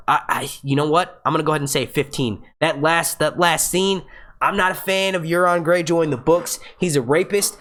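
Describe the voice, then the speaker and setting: Talking into his webcam setup, a man with a voice on the high side hosts a casual live review stream. He's excitable and profane, rambling and frequently restarting his sentences.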